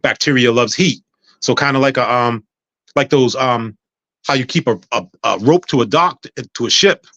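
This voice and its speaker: Telling a personal story on a podcast as a guest, this man stays casual and lively, voicing other people's lines himself. He speaks at medium pitch and normal speed, and the sound is dull but free of echo.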